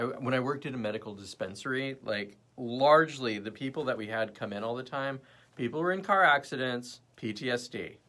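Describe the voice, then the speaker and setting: A young man hosting a casual livestream, rambling between topics and chatting with viewers in the comments. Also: mid-range voice. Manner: rambling, animated, jumps between topics and chat. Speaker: livestream host.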